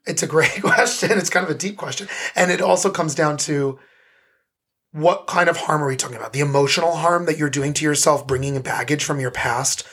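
A man co-hosting a casual podcast about a play. His voice is husky, and his talk is enthusiastic and thoughtful, full of restarts and "like"s. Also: on the high side, brisk, fairly bright tone. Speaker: podcast co-host. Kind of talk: casual theater review chat.

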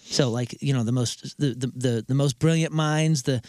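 A man's voice: medium pitch, moderate pace, darkish tone, no room sound. A man co-hosting a radio show, musing philosophically and laughing often. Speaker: radio co-host. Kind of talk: casual chat.

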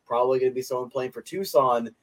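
A man's voice: medium pitch, quick pace. A young man co-hosting a podcast in casual chat, joking around and laughing often. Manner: playful, laughs often, jokey. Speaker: podcast co-host.

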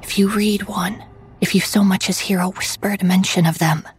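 A woman narrating a first-person horror story in a hushed voice that often drops to a whisper. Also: medium pitch, steady tone, normal speed, soft background music, rough recording.

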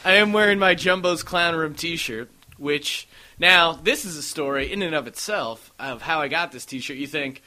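A man's voice: on the high side, normal speed, bright, forceful tone. A man hosting a casual podcast, rambling through stories and acting out what others said. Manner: rambling storyteller, acts out quotes. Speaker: podcast host.

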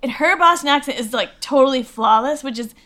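A middle-aged actress from Massachusetts, chatting as an interview guest, self-deprecating and full of fillers. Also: female voice, sits high, a little fast, pushed and bright. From Lexington, Massachusetts. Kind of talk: casual interview chat.

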